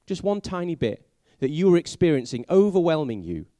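A man preaching a sermon, telling it like a story and asking his listeners many questions, sometimes dropping to a hushed voice for emphasis. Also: a little high, big pitch swings, a little fast, no room sound, studio quality. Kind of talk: sermon for a family audience.

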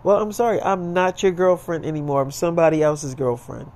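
A man's voice: a little high, fairly even intonation, brisk, a little mellow, lightly acted. A man voicing a blunt young woman, curt. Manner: curt, cursing, defensive.

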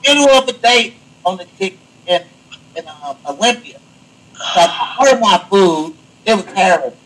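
A young man hosting a casual podcast, telling crude stories loudly and laughing often. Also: high-pitched, lively intonation, moderate pace, poor audio. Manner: loud, laughing, crude storytelling. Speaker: podcast host.

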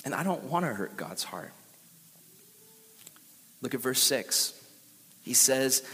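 A young man preaching a casual, animated youth sermon and acting out the quotes he tells. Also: mid-range voice, slow, long pauses, husky, big-room sound. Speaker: youth pastor.

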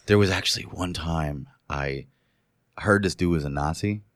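A man's voice: sits low, normal speed, no room sound. A man telling stories in a loose, profane casual chat, hungover today. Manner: loose, profane storytelling with laughs.

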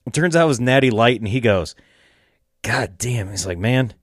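A man chatting casually and telling loose, rambling stories, laughing often and swearing freely. His voice sits at an ordinary middle pitch. The sound is close and dry, with no room around it. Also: animated, quick pace, no echo. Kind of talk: casual chat.

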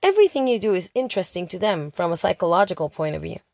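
A woman's voice: lowish voice, big pitch swings, fast, darkish tone, no room sound. Woman narrating a chatty diary. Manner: chatty, dramatic, exasperated. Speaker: audiobook narrator. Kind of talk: first-person diary narration.

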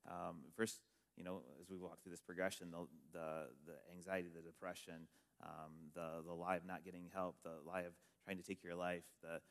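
Man, pastor, low voice, gentle halting encouragement on stage. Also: little pitch movement, gravelly. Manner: gentle, affirming, halting with fillers. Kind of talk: sermon interview.

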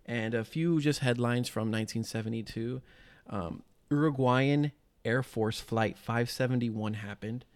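A man's voice: medium pitch, a little slow. A man co-hosting a casual true-crime podcast from a small home loft, rambling loosely with lots of fillers. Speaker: podcast co-host.

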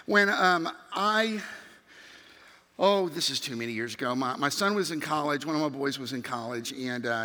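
A man's voice: mid-range voice, pushed and bright. A middle-aged man tells a sermon story as a youth minister, acting out other people's voices. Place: church sanctuary. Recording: reverberant hall.

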